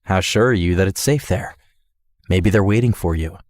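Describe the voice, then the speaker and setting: Brief: man playing a terse, no-nonsense bodyguard; firm and low, dry close sound. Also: moderate pace, a little mellow, dry recording, close to an everyday voice. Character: stern, terse male bodyguard. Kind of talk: animated story dialogue.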